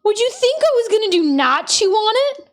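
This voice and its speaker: A cheeky little male pet with a bratty, matter-of-fact way of answering back, as a woman puts him on. The voice sits well above her own, high and bouncy, and it swoops around with plenty of lift. He defends his chewing habit as if it were obvious. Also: big pitch swings, fairly quick. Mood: sassy. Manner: sassy, matter-of-fact backtalk.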